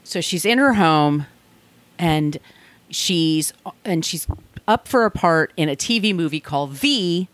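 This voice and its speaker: A woman's voice: lowish voice, animated, a little slow, no echo. A woman co-hosting a podcast, telling a true crime story in a blunt, conversational way. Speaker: podcast co-host.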